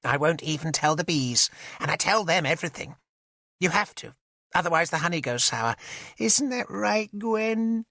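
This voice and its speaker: An odd, plump woman with a giggly, singsong lilt, as a male narrator puts her on. Her voice is raised high and bright, swinging up and down as she chatters, recorded dry and close. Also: lively intonation, normal speed, vocal fry, no echo, heavily acted. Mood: whimsical. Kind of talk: audiobook character voice.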